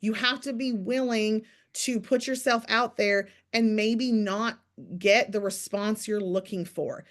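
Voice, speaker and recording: A woman's voice: medium pitch, fairly even intonation, measured pace. A woman leading a morning business call, giving casual motivational talk in a chatty, direct coaching way and turning to listeners by name. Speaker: team leader hosting a morning business call. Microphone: video call.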